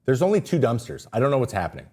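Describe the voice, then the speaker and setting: A male podcast host giving a casual livestream breakdown of pitchers, excitable and easily sidetracked, often interrupting himself. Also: rapid-fire, slight background noise.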